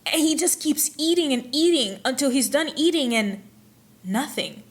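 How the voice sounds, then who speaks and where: A woman's voice: sits high, lively intonation, normal speed. A young woman hosting a casual history vlog, retelling events with dramatic flair and playful asides. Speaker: history vlogger.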